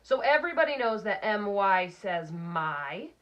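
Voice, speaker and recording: Slow, deliberate woman teaching phonics. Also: medium pitch, very animated, lo-fi sound. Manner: slow, deliberate sounding-out of letters and words. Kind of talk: recorded phonics lesson for children.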